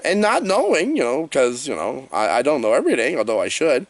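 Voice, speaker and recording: A man giving a comedic, rambling movie review rant in an animated, jokey way. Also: mid-range voice, a little fast, dry recording.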